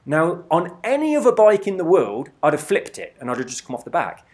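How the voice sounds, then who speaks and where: A man in his forties telling a story in a casual, animated way, swearing freely as he talks over gameplay. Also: a little high, a little fast. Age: 40s. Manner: animated, swears freely, laughs through stories. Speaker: gaming channel host.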